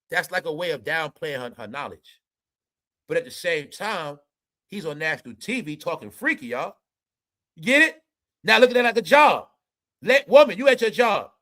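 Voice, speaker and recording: A man's voice: high-pitched, lively intonation, a little fast, sharp tone. A man hosting an entertainment commentary show, ranting emphatically and profanely straight to his viewers. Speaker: commentary channel host.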